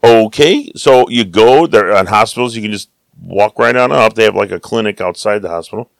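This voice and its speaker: An American man casually telling a story about his travels, lively, acting out the people he quotes. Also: lowish voice, fairly quick, vocal fry, no room sound. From United States. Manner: animated, acts out quoted voices.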